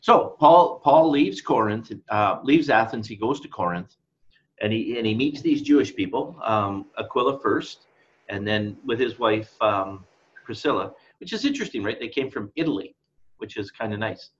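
A man's voice: fairly low pitch, animated, normal speed. Middle-aged man co-hosting a Bible chat. He rambles and chuckles at himself. The audio is a bit dull. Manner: rambling, laughs at his own asides. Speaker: co-host of Bible discussion. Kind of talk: casual Bible study chat.

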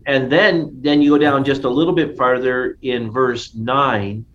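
A man's voice: medium pitch, steady tone, unhurried, a bit bright. Man leading a casual Bible study. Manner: enthusiastic, conversational, frequent restarts. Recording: dull lo-fi sound with faint noise.

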